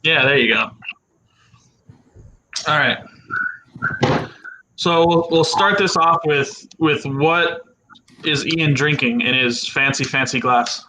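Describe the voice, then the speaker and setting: A man's voice: fairly high pitch, slow, long pauses, pushed and bright, slight background noise, poor audio. A man hosting a casual livestream chat with friends, rambling and repeating words as he talks. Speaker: livestream host.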